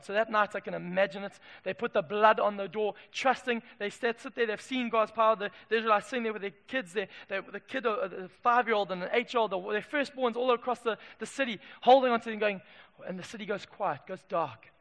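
A man delivers a sermon in a high, bright, gravelly voice. He tells his story dramatically, rising to loud peaks and then dropping low and soft. The sound rings out with the long reverb of a hall. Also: brisk. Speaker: preacher. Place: church hall.

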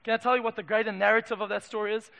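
Male pastor, high and bright, emphatic and punchy, booming hall reverb. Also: level tone, very fast, vocal fry, smooth. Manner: emphatic, swings from loud declarations to quiet asides. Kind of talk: sermon. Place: church.

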